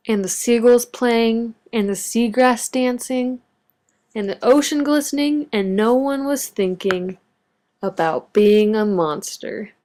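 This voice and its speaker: Expressive woman reading a picture book aloud. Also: mid-range voice. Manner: expressive, varied storytelling delivery. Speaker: storybook reader.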